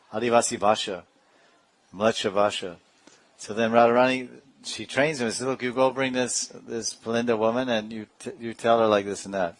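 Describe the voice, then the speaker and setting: The recording is dry and poor in quality, carrying a man's lowish voice. Preaching as a spiritual teacher, he tells stories with laughter and occasionally mimics others' speech in a playful way.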